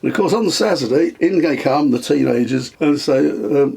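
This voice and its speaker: An older man, reminiscing in conversation, telling anecdotes with frequent chuckles and halting fillers. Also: a little high, creaky, a little mellow, breathy edge. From England. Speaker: guest, storyteller.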